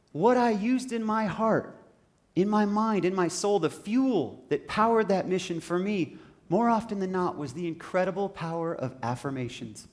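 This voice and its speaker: A man giving an inspirational stage talk in a large hall, emphatic and repetitive, building up to shouting. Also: high voice. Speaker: motivational speaker.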